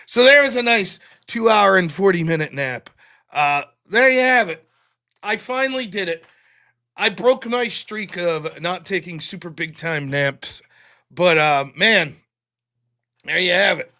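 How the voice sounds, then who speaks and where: A man hosts his own live stream, rambling through his day in a loose, profane, self-mocking way. His voice sits high for a man and sounds bright and sharp. He jumps between crude jokes and half-apologies without slowing down. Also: expressive. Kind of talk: casual live-stream monologue.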